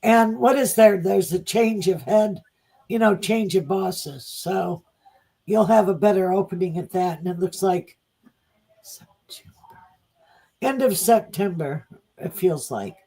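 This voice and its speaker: A man's voice: sits high, a little slow, gravelly, mellow, low-quality recording. A man giving psychic readings on a casual live podcast, answering in short agreeing replies and stating predictions matter-of-factly. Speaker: psychic reader.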